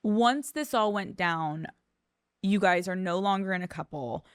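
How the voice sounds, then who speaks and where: A woman's voice: mid-range voice, unhurried, clear, resonant tone, no echo, clean studio sound. A woman hosting a casual interview, asking frank, chatty questions. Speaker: podcast host.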